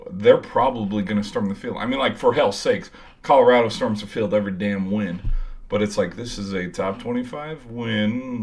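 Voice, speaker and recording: A young man telling a game-day story in a casual, rambling way, swearing freely and filling with "like". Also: lowish voice. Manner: rambling, profane, lots of "like". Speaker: college football fan vlogger.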